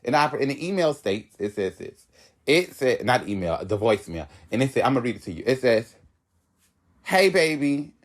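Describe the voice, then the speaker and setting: Animated, profane young man telling a story. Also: on the low side, fairly quick. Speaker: vlogger telling a work story. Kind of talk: casual storytelling to camera.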